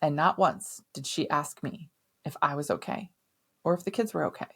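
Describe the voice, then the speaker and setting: A middle-aged woman with a fairly low voice recounts a personal story on her podcast. She speaks candidly and emphatically, swearing now and then. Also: moderate pace, husky. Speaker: podcast host.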